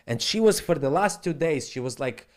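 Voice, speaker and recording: A man's voice: on the high side, animated, moderate pace. Blunt, profane man streaming from home. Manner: blunt, profane, rambling in broken English. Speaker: trading live streamer. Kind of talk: casual live stream monologue. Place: home live stream setup.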